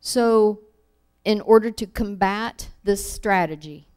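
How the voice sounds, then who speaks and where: A woman teaching a Bible lesson, reading verses aloud and acting out the quoted lines with animated emphasis. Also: medium pitch, slow, clear, resonant tone. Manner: animated, acts out scripture quotes.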